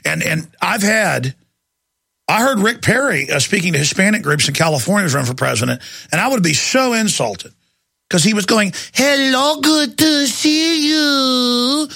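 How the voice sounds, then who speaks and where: A man's voice: fairly high pitch, very animated, a little fast, creaky, bright, forceful tone, slightly rough, no echo. A man hosting a talk radio show, ranting sarcastically and with emphasis.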